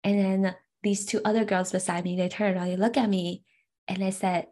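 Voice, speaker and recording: A woman's voice: medium pitch, flat delivery, brisk, a little mellow. A young adult woman telling a personal memory in an earnest, heartfelt way, often saying "like" and "right". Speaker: personal storyteller. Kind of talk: reflective personal story.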